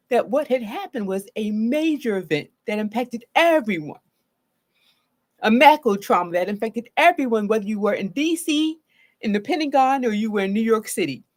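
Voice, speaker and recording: Animated woman therapist, lively high voice. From Baltimore, Maryland. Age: adult with a grown daughter. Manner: expressive, animated, acts out her own reactions. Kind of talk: live talk to viewers.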